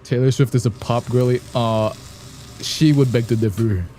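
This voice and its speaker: A man talks casually to an online audience, teasing and laughing as he goes. His voice is warm and mellow, with a faint hum of ambience behind him. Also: fairly even intonation, normal speed. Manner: playful and joking, sings snatches of songs badly on purpose; laughs often, gets loud and high when amused. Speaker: streamer reacting to videos. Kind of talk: casual chat to viewers.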